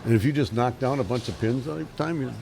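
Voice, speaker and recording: A man giving casual commentary on a bowling tournament, chatty and quick to laugh as he announces the matchups. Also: mid-range voice, creaky, crowd noise.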